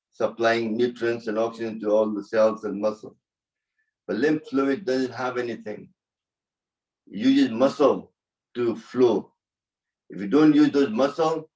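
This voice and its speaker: A man's voice: medium pitch, darkish tone, far from the mic, muffled recording. Man guiding a yoga class. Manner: gives short spoken cues, non-native English phrasing. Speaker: yoga instructor.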